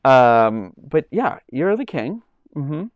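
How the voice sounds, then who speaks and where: A man's voice: mid-range voice, big pitch swings, takes it slowly, dry recording, muffled recording. A man hosting a casual livestream from home, rambling loosely with lots of likes and ums. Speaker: livestream host. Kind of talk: casual chat.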